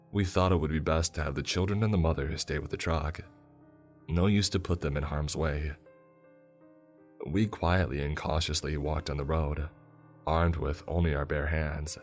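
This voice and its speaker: A man narrating a first-person horror story in a steady storytelling voice. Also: rumbling low.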